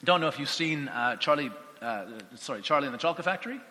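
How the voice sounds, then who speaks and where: A man giving a lively Bible teaching talk, conversational, acting out quotes with voices and asides. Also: fairly high pitch, quick pace. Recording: long hall reverb.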